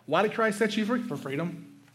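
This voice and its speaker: Pastor, male, high voice, lively conversational sermon delivery with rhetorical questions. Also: a little fast. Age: adult, father of a young son.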